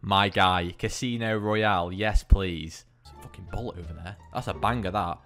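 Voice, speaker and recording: A man's voice: low-pitched, normal speed, soft background music. A man hosting a gaming channel, swearing and joking as he commentates his own gameplay. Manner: excitable, swearing, jokey banter.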